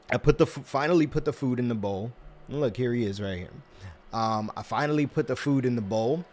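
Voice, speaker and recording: A man hosts a laid-back self-help talk, his voice sitting in a plain middle pitch. He rambles through stories with lots of restarts and fillers. He slips into quick put-on voices to act out little scenes. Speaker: host.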